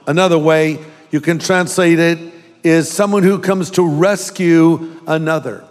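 Male pastor from California, bright high voice, jokey sermon delivery, recorded in a reverberant sanctuary. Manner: humorous, with joking asides and quick impressions.

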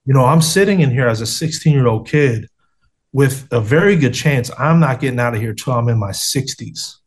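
A man's voice: mid-range voice, animated, moderate pace. A man telling his faith story in an interview over a video call, earnest and street-casual, often saying "man" and "bro".

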